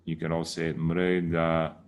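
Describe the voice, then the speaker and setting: A man's voice: a bass voice, monotone, unhurried. A man giving a casual lesson, patiently repeating words to correct how people say them. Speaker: teacher.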